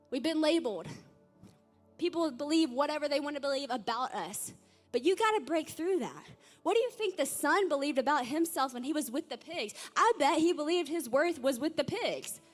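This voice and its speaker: A young woman with a high, light voice gives a sermon-style talk, chatty and informal, full of "like" and "y'all". Soft music plays faintly underneath. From Nashville, Tennessee. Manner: casual storytelling, frequent "like" and "y'all". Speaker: youth speaker.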